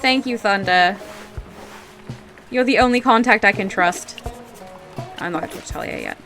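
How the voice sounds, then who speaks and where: A woman's voice: mid-range voice, normal speed, faint music behind. A woman streaming a narrative game, reading it aloud and reacting with frequent laughs and exclamations. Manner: animated, laughs a lot, reacts loudly.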